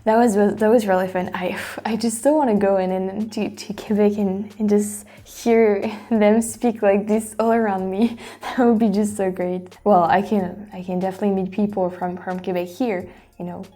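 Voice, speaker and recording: A woman's voice: medium pitch, steady tone, normal speed, hardly any pauses, dark tone. A woman from France with a French accent, a native French speaker chatting casually in English as a reaction-video host, rambling with lots of fillers and restarts. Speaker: YouTube host.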